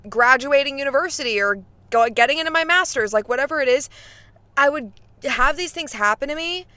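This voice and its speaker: A faith vlogger in her twenties chats casually and directly to her viewers, full of fillers. Her high-pitched voice is bright and forceful, with lively intonation and a brisk pace, and the recording has no echo.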